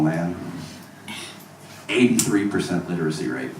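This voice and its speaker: A stand-up comedian from Mississippi working a club crowd with crude, profane jokes and deadpan asides. His voice sits at a middle pitch and comes through roomy and distant, with steady noise behind it. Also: brisk. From Mississippi, USA. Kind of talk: stand-up routine. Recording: echoey club recorded from far off.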